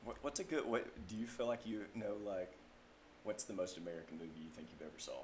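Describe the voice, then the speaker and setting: A man's voice: fairly low pitch, lively intonation, fast, a little mellow, slight background noise. A man in his thirties with a Southern US accent, chatting casually as a podcast co-host and telling rambling stories. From Mississippi, US. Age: 30s. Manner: rambling storyteller, heavy on filler "like". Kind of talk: casual chat.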